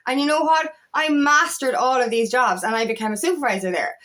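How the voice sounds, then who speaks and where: A woman's voice: high-pitched, brisk, fairly bright tone. A woman coach giving a motivational talk to camera, emphatic and blunt, swearing freely and repeating her points. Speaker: feminine empowerment coach.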